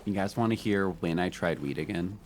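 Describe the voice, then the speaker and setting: A man's voice: low-pitched, fairly quick. A man streaming a game, chatting casually and telling rambling stories with many fillers and laughs. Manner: rambling, laid-back, with frequent fillers and laughs. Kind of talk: casual live-stream chat and storytelling.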